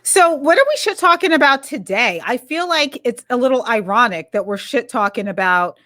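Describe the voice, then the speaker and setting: A woman's voice: on the high side, lively intonation, moderate pace, pushed and bright, no room sound. A woman co-hosting a podcast in casual chat, talking in a rambling, candid way and correcting herself as she goes. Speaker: podcast co-host.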